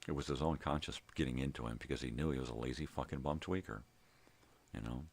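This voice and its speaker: A man's voice: extremely low pitch, fast talker, creaky, darkish tone, a little hiss or hum. An older man hosting his own vlog, telling a heated, profanity-filled story in a casual ranting monologue. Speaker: vlog host. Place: home.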